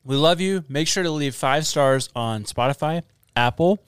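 A man co-hosting a comedy podcast, animated and giggly, often stumbling over his words. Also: on the high side, moderate pace, clear, resonant tone, no room sound, clean studio sound. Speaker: podcast co-host. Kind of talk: casual chat.

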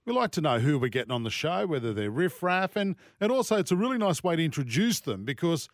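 Australian man, radio host, joking and chirpy, fairly high voice, dry studio sound. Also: very animated, fast talker, no echo. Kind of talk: casual radio chat. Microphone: studio mic.

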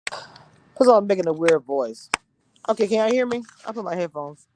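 A Louisiana woman who reviews reality TV hosts a casual livestream, chatting with viewers in a sassy, playful, teasing way and laughing often. She talks into a phone with headphones on, her mid-range voice lively in intonation at a normal pace, over a noisy background.

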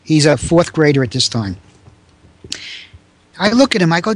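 An older man in his seventies tells a story from his teaching years with animated energy, raising his voice to play the people he quotes. His voice sits a bit high for a man, and the sound is dry and close. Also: normal speed, dry recording. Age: 70s. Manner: animated, raises pitch to act out quoted people. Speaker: guest, former teacher. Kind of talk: storytelling in a conversation.

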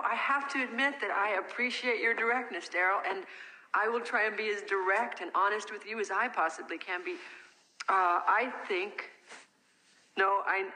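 An actress playing a blunt, sharp-tongued woman who coolly lists insults. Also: medium pitch, lightly acted, rough recording. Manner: cutting, listing insults.

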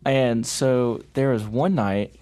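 A man's voice: mid-range voice, slow, warm tone. A young man in his college years co-hosting a podcast, telling a story in a laid-back, rambling way. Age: young adult. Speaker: podcast co-host. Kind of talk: casual storytelling chat.

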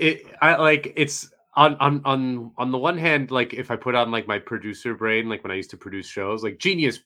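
A man's voice: on the low side, bright, forceful tone. A man co-hosting a podcast, rambling and hedging with many fillers. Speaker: podcast co-host. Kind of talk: casual podcast chat.

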